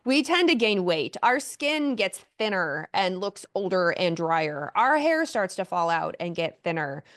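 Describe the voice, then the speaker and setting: A woman doctor speaks as a podcast guest. She explains her subject in a lively way and now and then slips into the inner voices of the people she describes. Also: lowish voice, a little slow. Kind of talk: casual interview conversation.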